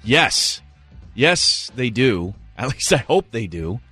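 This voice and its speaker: A man's voice: mid-range voice, very animated, slow, sharp tone, breathy edge, faint music behind. A man co-hosting a sports radio show, giving earnest, opinionated takes on team moves with some fillers. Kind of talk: sports radio analysis and banter.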